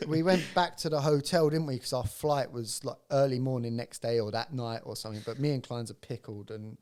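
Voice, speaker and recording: Man, British accent, podcast co-host, laid-back, trailing sentences, mid pitch. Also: steady tone, a little fast, darkish tone. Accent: British English. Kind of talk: casual chat.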